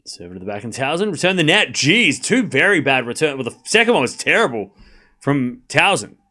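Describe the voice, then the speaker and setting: A high, bright-voiced man streams live tennis commentary, calling out the score and chatting with his viewers. His voice swings widely in pitch, and he gets excitable and loud at the big points. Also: brisk.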